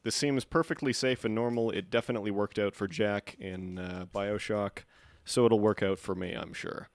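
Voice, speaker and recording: A man's voice: lowish voice, fairly even intonation, normal speed, no room sound. A man streaming a game, giving casual commentary in a sarcastic, joking way.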